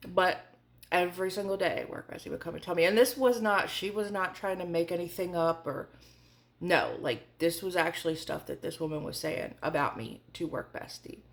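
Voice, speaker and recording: A woman's voice: fairly low pitch, moderate pace, creaky. A woman in her forties telling a candid storytime vlog in a chatty way, full of fillers. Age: 40s. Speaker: vlogger.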